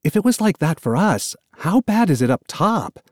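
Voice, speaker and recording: Guy doing a shaky hurt woman prisoner, slow and halting, higher voice, soft mellow tone. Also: sing-song, no room sound, studio quality. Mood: shaken. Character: injured young woman prisoner, shaken and dazed.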